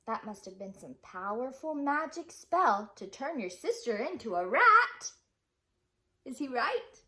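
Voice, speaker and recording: Storybook boy, eager, read by a woman teacher, bright and animated. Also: high voice, a little slow, pitched above the performer's own voice, exaggerated voice. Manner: excited storybook reading. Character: young boy in a fairy tale.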